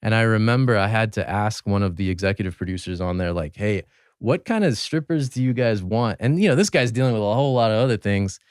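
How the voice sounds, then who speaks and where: Low-voiced young man telling stories. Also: fast, clear, resonant tone, dry recording, studio quality. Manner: relaxed, anecdotal, many fillers and self-corrections. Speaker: podcast guest. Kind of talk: casual storytelling chat.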